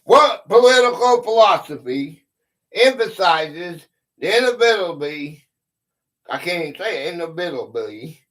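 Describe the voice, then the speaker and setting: A man's voice: high-pitched, a bit bright, low-quality recording. A man hosting a casual live game stream, reading quiz questions aloud with a drawl and chuckling at his own stumbles.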